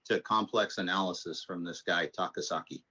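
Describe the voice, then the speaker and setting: Brisk and husky, a math teacher with a very deep, low voice tells casual, rambling stories in class before settling into explaining the material. He sounds relaxed, and the audio is muffled and lo-fi, like a recorded online class.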